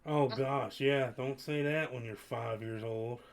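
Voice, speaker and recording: Rambling, animated male podcast host. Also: mid-range voice, a little slow. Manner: rambling, animated storytelling with restarts. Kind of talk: casual chat.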